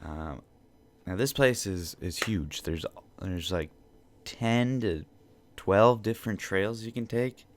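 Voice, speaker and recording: A man with a fairly low voice tells a loose, rambling story on his podcast. He swears freely and circles back over his own words as he talks from home. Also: slow, slight background noise. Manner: profane, rambling, repeats himself. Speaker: podcast host. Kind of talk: casual storytelling monologue.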